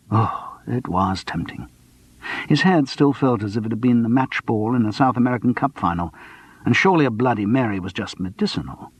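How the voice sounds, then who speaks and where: A man narrates a cozy mystery with wry, measured storytelling. His voice has a husky grain, recorded close and dry with no room in it. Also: mid-range voice, no echo. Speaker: audiobook narrator. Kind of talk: scripted narration.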